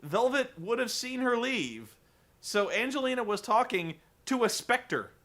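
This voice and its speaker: A man casually recapping a wrestling show, animated and joking, swearing freely. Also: extremely high pitch, unhurried. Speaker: podcast host recapping wrestling. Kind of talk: casual chat.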